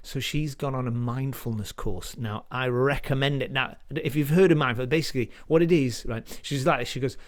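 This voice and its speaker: A man's voice: mid-range voice, normal speed, few pauses. Rambling self-deprecating male comedian. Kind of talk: stand-up comedy set.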